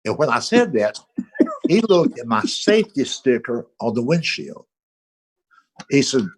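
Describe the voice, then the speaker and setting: An older man telling a casual anecdote on a video call, animated and acting out the voices of the people in it. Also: mid-range voice, moderate pace, slightly rough. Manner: animated storytelling, acts out voices. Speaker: comedy panel guest.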